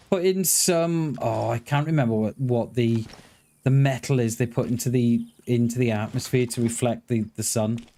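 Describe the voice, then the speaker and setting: A man live-streaming a game, chatting excitedly with viewers, swearing casually and stumbling over his words. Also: medium pitch. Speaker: livestreamer. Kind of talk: casual live-stream chat while gaming.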